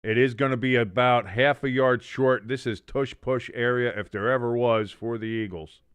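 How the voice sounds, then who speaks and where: A man's voice: medium pitch, fairly even intonation, normal speed, a bit bright, clean tone, dry recording. Man calling plays with dry jokes. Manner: jokey, self-correcting, reads chat aloud. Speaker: watch-along host. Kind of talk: live play-by-play commentary.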